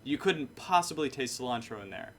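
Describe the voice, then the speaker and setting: A male live streamer who is also a bartender chats casually and matter-of-factly, his sentences falling at the end as he rambles and corrects himself. His medium-pitched, slightly bright voice is animated and a little fast, with music playing behind and a slight hiss or hum.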